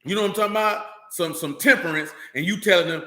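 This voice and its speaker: A man preaching in a loose, streetwise way, blunt, emphatic and full of slang. His voice sits high and bright. It rings out in a roomy, echoing space. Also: fast talker. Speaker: religious teacher. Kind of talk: informal streetwise sermon.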